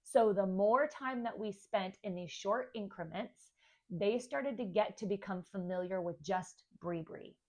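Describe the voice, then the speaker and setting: A woman's voice: medium pitch, a little slow. A young woman telling a candid, chatty personal story to camera about becoming a stepmom. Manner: candid, chatty, acts out kids' voices. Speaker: stepmom vlogger.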